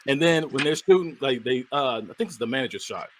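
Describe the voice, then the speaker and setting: A man on a podcast, casually recapping a movie plot in an animated way and acting out the characters' lines with bursts of laughter. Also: medium pitch, quick pace, a little hiss or hum. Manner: animated retelling, acts out characters, laughs often. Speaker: podcast host.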